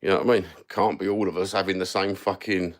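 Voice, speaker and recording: A man's voice: low voice, level tone, quick pace. A Cockney man ranting sarcastically and swearing constantly as he chats on a live stream. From London. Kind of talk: casual live-stream rant.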